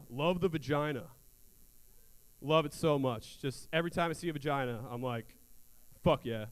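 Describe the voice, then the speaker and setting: A man's voice: a little high, clean tone. A young man doing a stand-up comedy set on a theater stage, crude and self-mocking in a loose, conversational way.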